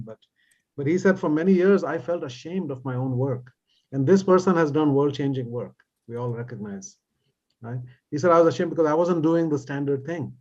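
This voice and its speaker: Man, professor, animated storytelling, laughs through anecdotes, muffled lo-fi sound. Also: medium pitch. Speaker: business professor. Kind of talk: panel discussion storytelling. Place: video call. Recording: dull lo-fi audio.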